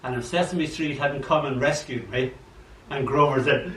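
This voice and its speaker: An older man reading his poems at an open mic, chatty and animated, acting out the voices in his stories. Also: medium pitch, moderate pace. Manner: chatty, animated storyteller who acts out quotes. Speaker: poet. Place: old library room. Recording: echoey room, mic far off, faint hum.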